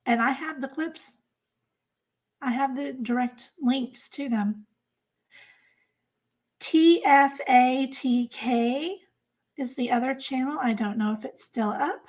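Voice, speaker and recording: Her voice is high-pitched and darkish, and she takes her time with long pauses. She hosts a crime channel livestream, talking casually to chat in an emphatic, exasperated way and repeating herself for emphasis.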